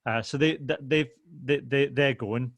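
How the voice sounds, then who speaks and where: A man's voice: medium pitch, steady tone, a little slow, no room sound. Man hosting a chatty podcast. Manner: long hesitant explanations with many ums. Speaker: podcast host. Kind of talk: casual podcast chat.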